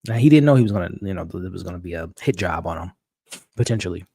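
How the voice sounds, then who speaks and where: A man hosting a live-stream recap of a TV episode, talking excitably and stumbling over repeated words as he restarts his sentences. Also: low voice, fast talker, creaky, breathy edge. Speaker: show host. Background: dog.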